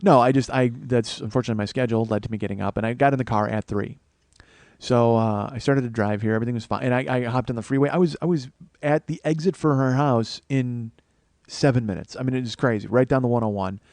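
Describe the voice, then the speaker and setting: A man spins a comic story in a monologue and jumps into other people's voices as he goes. His pitch sits in the middle, and the sound is dry and close, with no room around it. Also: fairly even intonation, quick pace, darkish tone, dry recording. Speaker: comedian host.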